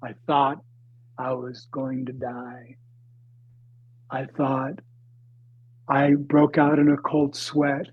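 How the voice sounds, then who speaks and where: Husky older man telling a dramatic story. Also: mid-range voice, completely flat delivery, dry recording. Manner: halting, dramatic, with swings between loud and hushed. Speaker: guest. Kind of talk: storytelling in a podcast interview. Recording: dry, slightly dull lo-fi recording.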